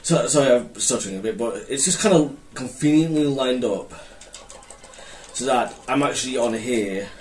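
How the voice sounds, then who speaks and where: On his own gaming channel, a man with a darkish, mid-range voice comments casually on his play at normal speed, rambling hesitantly and correcting himself. The mic is held far off, giving a roomy sound with faint noise.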